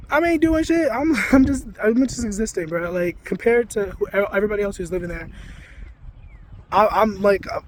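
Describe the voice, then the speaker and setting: A man's voice: high voice, darkish tone. A young man rambling casually as he walks outdoors by a road, swearing often and filling his talk with "like" and "you know", recorded on a handheld phone. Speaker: spiritual vlogger. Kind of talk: casual walking vlog. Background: passing traffic.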